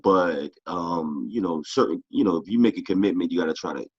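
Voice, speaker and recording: A tired middle-aged man rambles through a casual interview with a very low, husky voice. The sound is dry and close but a little dull and lo-fi, as if recorded on a modest setup. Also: fairly quick, dry recording. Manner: relaxed, rambling with many "you know" fillers. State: tired, short on sleep. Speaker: boxing club founder, guest.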